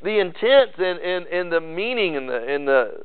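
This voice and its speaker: Male pastor, earnest sermon delivery with frequent restarts, slightly high voice, thin phone-line audio. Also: sing-song, normal speed, clean tone. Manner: earnest preaching with many restarts and repeated words. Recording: tinny phone-like sermon recording.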